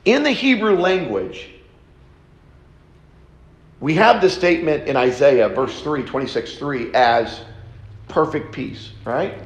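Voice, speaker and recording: Slow-speaking high-voiced male preacher. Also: lively intonation, reverberant, poor audio. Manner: slow, deliberate teaching with repeated phrases. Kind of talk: sermon. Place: church auditorium.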